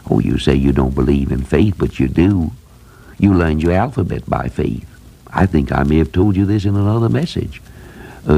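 A man's voice: deep voice, gravelly, dark tone, breathy edge. An older man preaching an earnest radio sermon, building to emphatic repeated phrases. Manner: earnest, rising to emphatic repetition.

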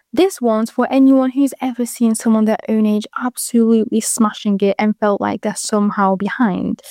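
A woman's voice: fairly high pitch, darkish tone, dry recording, clean studio sound. A 22-year-old woman with a British accent, hosting a casual advice show and chatting frankly to listeners with rambling asides. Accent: British English.

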